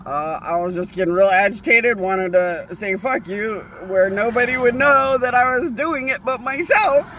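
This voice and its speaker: Woman vlogger, high pitched, rambling and profane, faint traffic behind. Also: normal speed, a bit bright. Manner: rambling, profane, stops and restarts her sentences. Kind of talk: casual rambling monologue.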